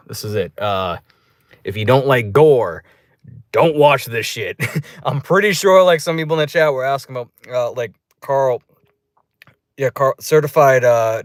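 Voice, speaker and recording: Brief: young male movie reviewer, loose, profane, rambling, mid-pitched, dry close mic. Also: dry recording. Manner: rambling, profane, animated with pitched-up quoted reactions. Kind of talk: casual spoken review.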